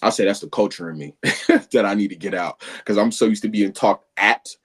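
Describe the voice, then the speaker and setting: Low husky man, earnest and agreeable. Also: fairly quick. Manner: earnest, agreeable, self-reflective. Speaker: guest being coached. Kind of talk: casual conversation.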